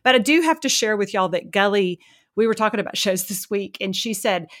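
A woman from the American South co-hosting a podcast in casual, animated chat. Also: medium pitch, fairly quick. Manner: chatty, animated storytelling. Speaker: podcast co-host.

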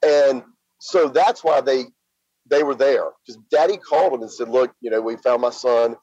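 A middle-aged man from Louisiana, a guest recounting events in a plain-spoken, halting way full of fillers. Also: mid-range voice, mellow, husky, no echo. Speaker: interview guest. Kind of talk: casual spoken storytelling. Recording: slightly dull lo-fi sound.

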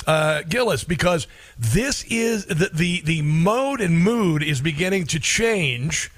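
A man's voice: fairly high pitch, lively intonation, slow pace, a bit bright. A middle-aged man hosting a talk radio show, rambling with many fillers. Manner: rambling, filler-heavy delivery.

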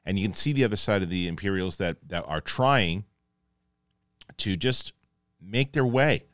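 Excitable man rambling through a review. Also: deep voice, normal speed, dry recording, clean studio sound. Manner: excitable, rambling, with lots of restarts. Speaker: host reviewing a TV episode. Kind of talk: casual spoiler review.

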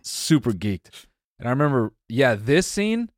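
A young man co-hosting a podcast in casual chat, laid-back and low-key with some profanity. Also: sing-song, a little slow, no echo, clean studio sound. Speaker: podcast co-host.

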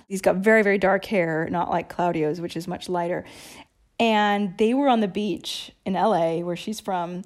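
Animated woman telling stories on a podcast. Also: on the low side. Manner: animated storyteller, laughs easily. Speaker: podcast co-host. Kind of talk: casual podcast chat. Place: lives in Rome.

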